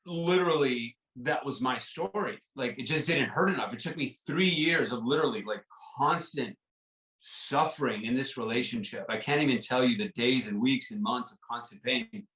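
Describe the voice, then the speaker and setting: A man speaks with earnest, halting sincerity, circling back over his words and leaning on "like" and "right?". His voice sits at an ordinary middle pitch. He is a little distant from the mic in an echoey room. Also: lively intonation, a bit bright. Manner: earnest, repeats words, many "like" and "right?" fillers. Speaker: podcast guest. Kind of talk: personal storytelling in an interview.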